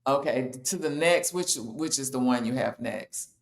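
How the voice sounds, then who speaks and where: Woman, low voice, matter-of-fact, health explainer, echoey room. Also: unhurried, gravelly. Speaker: health educator. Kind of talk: casual health talk.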